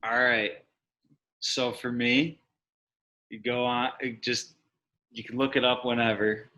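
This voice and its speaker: A man's voice: medium pitch, little pitch movement, slow pace, bright, forceful tone. A man guesting on a casual sports podcast, chatty and tripping over words now and then. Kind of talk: casual chat.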